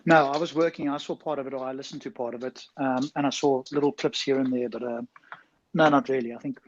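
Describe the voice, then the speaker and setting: Measured man in a muffled voice chat. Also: medium pitch, steady tone. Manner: measured, reasoned, with hesitations. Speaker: voice chat participant. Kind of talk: casual chat. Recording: dull lo-fi online audio with faint noise.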